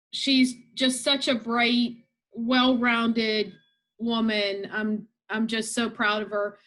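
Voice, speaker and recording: A woman mentor on a video call praising her student, halting with fillers and sounding moved. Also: a little high, rough recording. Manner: warm and emotional, halting with fillers. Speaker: research mentor. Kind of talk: casual spoken tribute on a video call.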